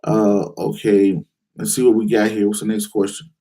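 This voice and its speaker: A man hosting a live investing call-in show, answering viewers' questions in a direct, challenging way with lots of rhetorical questions. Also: normal speed. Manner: animated, acts out excited investors in a higher voice.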